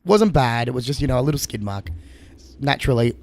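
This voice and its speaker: A man's voice: mid-range voice, lively intonation, a little fast, a little mellow. An Australian man with a sore throat, rambling through a crude story while co-hosting a gameplay video. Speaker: gaming video co-host. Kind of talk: casual gameplay chat.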